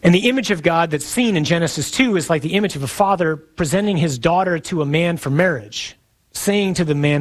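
A man preaching a sermon in a conversational, playful way, pausing for emphasis. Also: fairly high pitch, animated.

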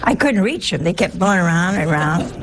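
Gravelly-voiced woman preaching folksy. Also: fairly low pitch, lively intonation, fairly quick, heavy background noise. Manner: chatty, storytelling, asks rhetorical questions. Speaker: nun giving a talk. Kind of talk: folksy sermon-style talk.

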